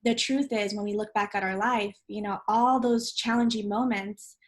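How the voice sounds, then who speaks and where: A woman's voice: medium pitch, steady tone, normal speed. A woman hosting as a life coach, talking in an encouraging, upbeat way. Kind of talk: casual conversation.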